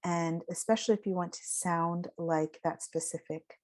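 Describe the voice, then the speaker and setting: A woman's voice: on the low side, steady tone, normal speed. A woman giving a casual spoken lesson, explaining and demonstrating vowel sounds aloud. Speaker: voice teacher.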